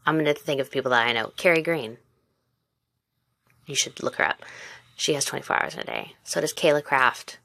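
A woman's voice: a bass voice, fast talker, gravelly, few pauses, a bit bright, dry recording. A woman in her twenties hosting a casual solo podcast, talking candidly and encouragingly straight to the listener. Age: 20s. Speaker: podcast host; mother and former teacher.

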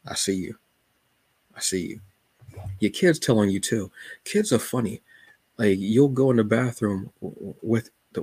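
A man with a fairly low, husky voice talks loosely and jokingly as a podcast host, like he is chatting with friends. The sound is dry and close, with no room around it. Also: a little mellow, no echo. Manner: laid-back, joking, colloquial. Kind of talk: casual solo chat.

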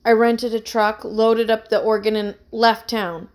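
A woman's voice: on the high side, little pitch movement, a little slow, lightly acted. A woman voicing an anxious young man, a musician accused of theft, who speaks in an earnest, pleading way in a read-aloud story.

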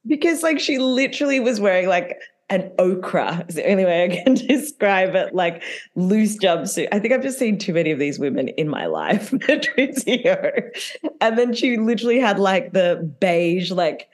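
A woman's voice: mid-range voice, animated, normal speed. A woman, co-hosting a podcast and chatting casually about reality TV, full of fillers and laughs. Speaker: podcast co-host. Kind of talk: casual chat recapping reality TV.

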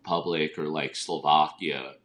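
A man's voice: rumbling low, steady tone, moderate pace, fairly bright tone, slight background noise. A man in casual podcast chat, rambling and filling his sentences with "like". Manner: rambling, heavy use of "like". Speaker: podcast co-host.

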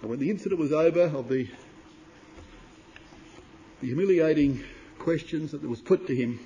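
A man preaching a sermon to brothers and sisters, reading scripture in King James wording and swinging from loud emphatic declamation to low, quiet asides. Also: normal speed, muffled recording, slight background noise. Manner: addresses listeners as brothers and sisters.

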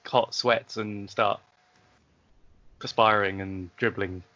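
A man's voice: on the low side, steady tone, slow pace, pushed and bright. A man co-hosting a podcast in casual chat, teasing and swearing with his friend. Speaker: podcast co-host. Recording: dull lo-fi podcast mic.

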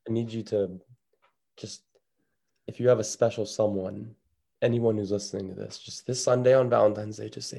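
Podcast co-host, male, gravelly and mellow-toned, rambling banter. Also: on the low side, steady tone, brisk. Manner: jokey, rambling, drops to a hush. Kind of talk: casual sports podcast banter.

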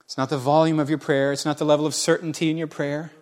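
A man in his forties preaching a sermon, folksy and joking with the congregation, swinging between loud exclamations and quiet asides. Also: fairly high pitch, flat delivery, fast talker. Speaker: pastor.

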